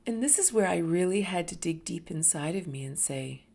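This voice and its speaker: A middle-aged woman telling a personal story, animated and dropping to whispers for emphasis. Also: on the low side, normal speed, creaky, hardly any pauses. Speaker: host.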